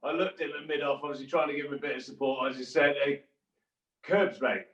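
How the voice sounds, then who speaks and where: A slightly high-voiced man cracks jokes and tells matey cricket tales. He sounds set back from the microphone in an echoey room, and the audio is a bit dull. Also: steady tone, fast, fairly bright tone, far from the mic. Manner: chatty, jokey, matey storytelling. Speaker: guest, former cricketer. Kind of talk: casual anecdote telling.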